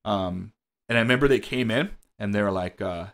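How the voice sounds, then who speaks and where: Fast-talking young man telling a rambling story. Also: fairly low pitch, gravelly. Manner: rambling, animated, swears freely, packed with "like" and "dude". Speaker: podcast host. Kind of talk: casual storytelling chat.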